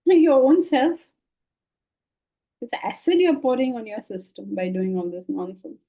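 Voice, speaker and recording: Husky older Indian woman teaching. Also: on the high side, measured pace, dull audio. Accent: Indian English. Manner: lively, rhetorical questions, frequent laughter. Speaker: Vedanta teacher. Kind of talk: spiritual lecture on scripture.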